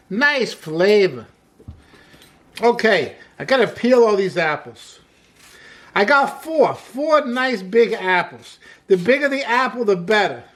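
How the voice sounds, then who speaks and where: An upbeat home cooking host walks through a recipe in a relaxed, chatty way, opening many lines with "hey" and calling things "wonderful". The voice sits at a middle pitch, and quips and laughter at their own jokes keep the tone light. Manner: repeats praise like "wonderful". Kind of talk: casual cooking demonstration.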